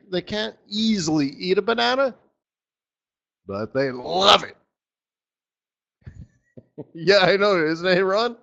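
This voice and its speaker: A man's voice: sits high, gravelly, fairly bright tone, lo-fi sound. A man working as a currency analyst, chatting and joking with viewers on a live trading webcast, laughing often.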